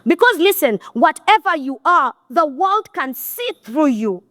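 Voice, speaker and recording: A woman's voice: high-pitched, sing-song, measured pace, fairly bright tone, no echo, clean studio sound. A middle-aged woman with a Ugandan accent gives a blunt, scolding motivational talk to an audience. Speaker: motivational speaker.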